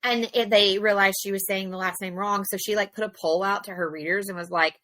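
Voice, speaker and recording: A woman co-hosting a podcast in casual chat, telling stories in an animated way with lots of fillers. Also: medium pitch, fairly quick, no room sound. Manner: chatty, animated storytelling with many fillers. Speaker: podcast co-host.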